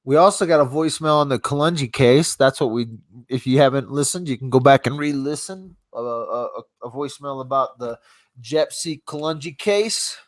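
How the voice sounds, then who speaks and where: Guy with a stuffy cold nose just rambling on a live stream, laughs a lot, dry sound, regular pitch. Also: moderate pace, dry recording. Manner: rambling, laughs often, trails off and restarts. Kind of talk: casual live-stream chat. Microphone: phone.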